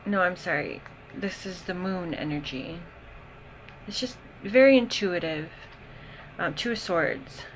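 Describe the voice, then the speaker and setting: A woman giving a casual tarot reading, unhurried and thinking aloud with frequent pauses and ums. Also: fairly low pitch, slight background noise, poor audio. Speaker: tarot reader.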